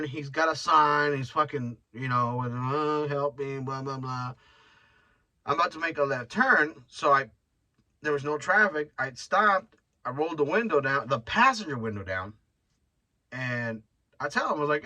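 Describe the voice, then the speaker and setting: Recorded from a distance, a man with a fairly high, sharp voice hosts his own podcast in a casual solo monologue. He rambles bluntly through his thoughts, swearing freely and frequently restarting.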